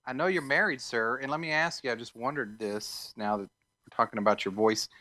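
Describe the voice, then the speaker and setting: A man's voice: mid-range voice, a little fast, sharp tone. A man, a contestant on a comedy debate show, asking teasing questions with a laugh. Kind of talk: comedic banter.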